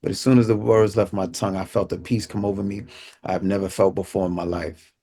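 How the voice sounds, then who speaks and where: A man's voice: level tone, a little fast. Man telling a vivid personal story. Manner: vivid storyteller, acts out quotes with street slang; drops low and quiet at solemn moments. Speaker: inspirational speaker.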